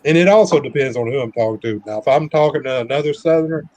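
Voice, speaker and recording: A man's voice: medium pitch, animated, fast, a little mellow, no echo. A man in his fifties with a mild, shifting Southern US accent, chatting in an easygoing, rambling way as a truck driver guest on a live stream. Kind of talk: casual live-stream chat.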